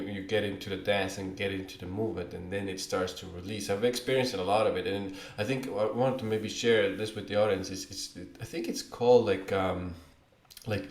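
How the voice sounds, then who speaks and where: A man co-hosting a podcast, talking in a rambling, casual way full of fillers. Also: on the low side. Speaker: podcast co-host. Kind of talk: casual conversation. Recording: roomy echo.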